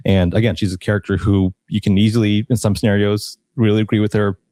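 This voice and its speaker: A man hosting a casual panel discussion, thoughtful and unhurried, with many pauses and restarts. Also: on the low side, flat delivery, dark tone, no room sound. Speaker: podcast host.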